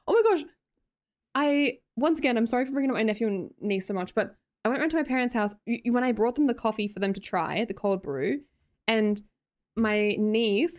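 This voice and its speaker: A young Australian woman with an Australian accent chatting casually as a live streamer, giggly and self-mocking while she reads out viewer comments. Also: fairly high pitch.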